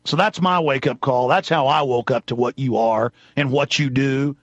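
A man from Texas hosting a talk show, ranting angrily and shouting accusations into the microphone. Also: mid-range voice, normal speed, no echo, muffled recording. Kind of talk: angry political rant.

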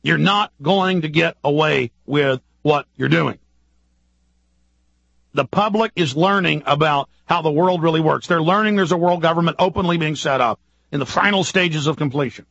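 A man hosting a radio talk show, delivering an urgent, ranting political monologue full of rapid-fire rhetorical questions. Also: on the high side, creaky, fairly bright tone, breathy edge, dry recording, highs cut off. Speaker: radio host.

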